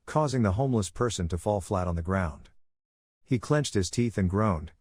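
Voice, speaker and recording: A man narrating a comic story recap in a steady storytelling manner. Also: low-pitched, moderate pace, slightly rough, dry recording.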